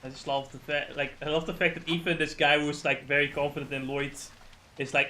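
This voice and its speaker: A man's voice: a little high, little pitch movement, a little fast, bright, forceful tone, a little hiss or hum. A man chatting casually during a game livestream, rambling, swearing often and stumbling over names. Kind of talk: casual gaming stream chat.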